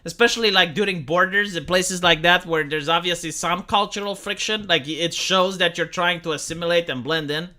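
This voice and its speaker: A man's voice: sits high, steady tone, fairly quick, few pauses, pushed and bright. A man who streams live and reacts with sarcastic, rambling commentary. He swears casually. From Romania.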